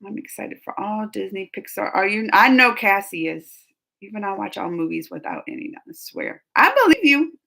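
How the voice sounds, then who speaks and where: A woman's voice: mid-range voice, bright, forceful tone. A woman hosting a casual live chat, rambling and laughing often as she answers her viewers. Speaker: livestream host reading chat.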